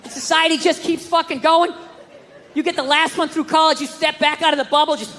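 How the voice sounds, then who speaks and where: A man doing stand-up comedy, ranting and swearing with sudden shouted bursts. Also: very high-pitched, steady tone, a little fast, in a large hall, very noisy.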